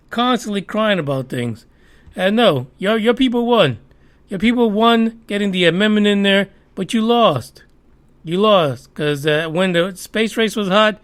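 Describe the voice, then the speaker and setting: A man hosting a podcast, giving heated, profane, sarcastic commentary on the news. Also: high voice. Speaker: podcast host.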